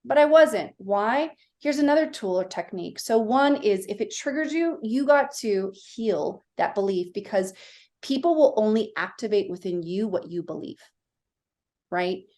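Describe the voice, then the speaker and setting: A woman guest on a podcast, a mindset coach, explaining ideas in a lively way and acting out quoted dialogue as she tells stories. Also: medium pitch, normal speed. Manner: animated storytelling, acting out quoted voices. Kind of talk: casual interview chat.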